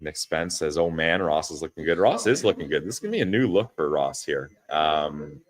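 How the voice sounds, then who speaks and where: Deep-voiced laughing young man. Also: lively intonation, fairly quick. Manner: laughs often, reads chat comments aloud. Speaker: podcast co-host. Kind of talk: casual live-stream chat. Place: friend's parents' house.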